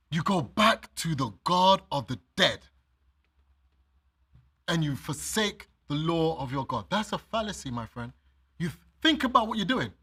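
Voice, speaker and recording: Preaching a sermon, this man reads verses and turns to speak straight to his listeners, illustrating points with ordinary examples. His voice runs slightly high for a man, with a tense brightness and husky texture.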